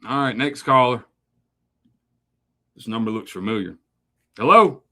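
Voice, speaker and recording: Bright-voiced male livestream host. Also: medium pitch, normal speed. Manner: loose, laid-back banter. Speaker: host taking phone calls on a livestream. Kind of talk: casual livestream chat.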